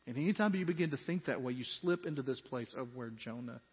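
A man preaching a sermon as pastor, earnest, swinging from quiet reflection to loud emphasis. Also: medium pitch, fast talker, breathy edge. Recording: dull sound in a reverberant hall.

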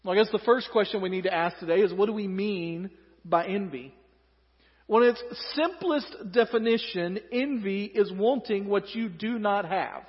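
A man's voice: high voice, normal speed, long reverb tail, muffled recording. A man with a Southern US accent preaching a sermon in a conversational way, with joking asides. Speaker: pastor.

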